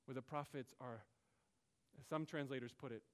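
A man's voice: medium pitch, fairly even intonation, moderate pace, clean tone. A man preaching a sermon as pastor, earnest, with rising and falling emphasis.

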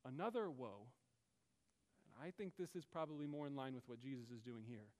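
A man's voice: medium pitch, expressive, a little fast, a little mellow. A man preaching a sermon as pastor, earnest, with rising and falling emphasis.

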